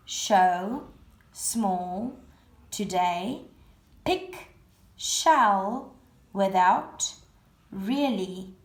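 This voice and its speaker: A woman's voice: mid-range voice, darkish tone. A woman primary school teacher recording a home-learning lesson, patiently explaining words one at a time and repeating them. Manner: patient, repetitive word-by-word explaining. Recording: roomy echo.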